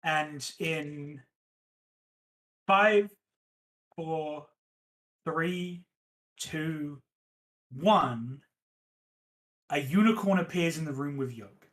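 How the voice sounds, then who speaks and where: Slow, hesitant game master. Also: mid-range voice, a bit bright, poor audio. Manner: hesitant, many ums, counts aloud. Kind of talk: running a one-on-one tabletop game.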